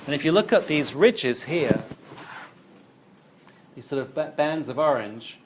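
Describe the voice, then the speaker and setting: A man's voice: on the high side, animated, a little slow, noisy background. A man giving a recorded university lecture, explaining while he demonstrates on screen and thinks aloud.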